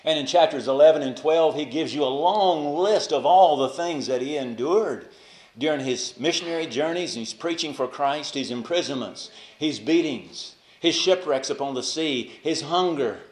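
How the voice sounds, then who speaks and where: A man preaching a sermon with passion, dropping to a hush on key phrases and rising to raised emphasis. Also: a little high, normal speed. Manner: impassioned, swings from hushed to raised emphasis. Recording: echoey room.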